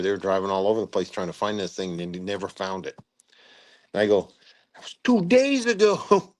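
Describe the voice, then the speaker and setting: An older retired army general telling stories in an interview, rambling with restarts and acting out quotes loudly. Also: male voice, lowish voice. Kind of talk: storytelling interview.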